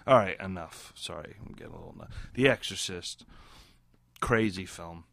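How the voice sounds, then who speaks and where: A tipsy male podcast host with a deep, gravelly voice rambles casually between tracks. He is giggly and loose, and he keeps slipping into mock British slang. The sound is close and dry. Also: normal speed, fairly bright tone, dry recording. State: drunk.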